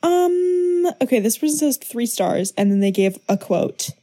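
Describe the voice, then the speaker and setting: A woman co-hosting a casual movie-review podcast, relaxed and hesitant, trailing off with ums. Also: a little high, unhurried, no room sound. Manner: laid-back, hesitant, often trailing off with ums. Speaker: podcast co-host.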